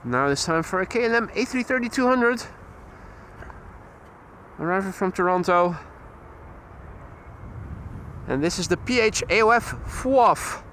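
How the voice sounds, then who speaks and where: A Dutch man hosting a live plane-spotting stream outdoors beside an airport runway, giving steady, informative commentary on arriving flights. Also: high-pitched, normal speed, a little hiss or hum. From Netherlands. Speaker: plane-spotting livestream host.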